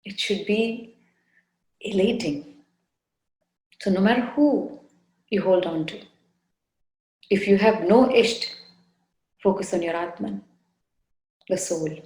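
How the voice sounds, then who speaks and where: A woman spiritual teacher giving a devotional talk with guided meditation, soft, unhurried and gently coaxing, often repeating her phrases. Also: mid-range voice, echoey room, poor audio. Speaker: spiritual teacher leading a satsang. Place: indoor room.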